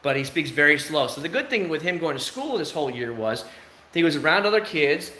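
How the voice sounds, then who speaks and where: A man chatting casually to viewers on a livestream from home, rambling along with sudden loud, high bursts. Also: expressive, a little fast, roomy sound. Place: at home, indoors. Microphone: phone.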